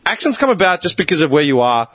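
A young Australian man in casual chat, swearing freely and explaining with quick rhetorical questions. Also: on the high side, big pitch swings, fairly bright tone, no room sound.

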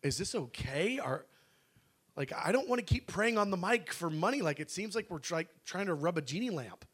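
Middle-aged pastor guy, high bright voice, animated storytelling sermon. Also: moderate pace, breathy edge. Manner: animated, acts out dialogue, frequent restarts. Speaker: pastor telling a testimony.

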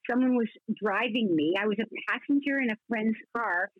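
An older woman in her sixties chats as an interview guest, rambling through lively stories with many restarts. Her slightly high, husky voice comes over a tinny phone line with a dry sound. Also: moderate pace, no room sound. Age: 60s. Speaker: actress guest. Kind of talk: casual interview chat.

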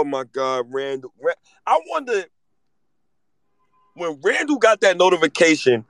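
A man's voice: medium pitch, no echo, poor audio. A man in his thirties, hosting a casual sports talk show and ranting with lots of profanity. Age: 30s. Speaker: host.

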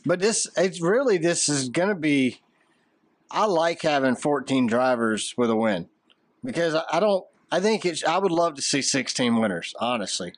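Man, Southern US accent, slightly high voice, dry close-miked sound, casual opinionated podcast chat. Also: animated, normal speed, no echo. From American South. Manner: chatty, opinionated, joking. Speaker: podcast co-host.

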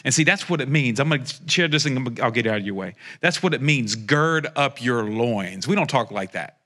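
Quick, bright, and forceful, a man with lively intonation preaches a prophetic sermon directly to his audience. Passion drives him to a fervent pitch, broken up by joking asides.

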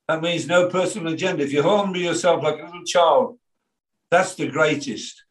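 Older male pastor with a Birmingham accent, lively storytelling sermon, voice a touch high, heard from a distance in a roomy hall. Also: moderate pace. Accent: Birmingham English. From England. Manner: animated storytelling with quoted voices and asides. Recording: echoey room from far off.

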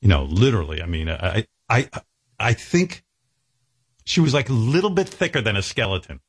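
A man's voice: fairly low pitch, lively intonation, normal speed, husky. A man telling a crude, graphic comic story on a talk show, rambling and chuckling as he goes.

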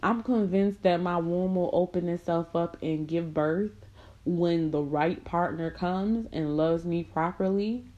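Unhurried and steady with a darkish tone, a young adult woman shares a personal story in a casual, blunt, slangy style. She laughs between lines and quotes people in high mocking voices. The recording is muffled.

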